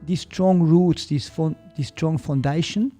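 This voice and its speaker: A man with a Swiss German accent, a podcast guest who explains calmly and hesitantly and sometimes searches for English words. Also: on the high side, unhurried, soft background music. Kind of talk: reflective podcast conversation.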